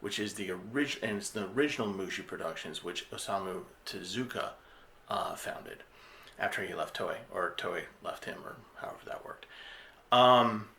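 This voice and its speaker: Podcast host, male, low-ish bright voice, rambling casual review. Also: normal speed, gravelly, a little hiss or hum. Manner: retells plot loosely with frequent fillers and restarts.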